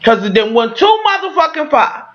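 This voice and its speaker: A woman's voice: high-pitched, sing-song, moderate pace, highs cut off. A woman recapping a TV episode for her viewers, dramatic and profane, talking straight to the camera. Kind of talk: animated casual recap.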